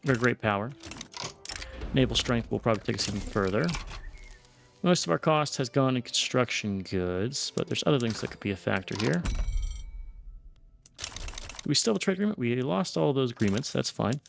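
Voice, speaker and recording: A man's voice: medium pitch, lively intonation, fairly quick, vocal fry, slight background noise. A man giving casual let's-play commentary on a strategy game, thinking aloud and often restarting or trailing off. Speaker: gameplay streamer.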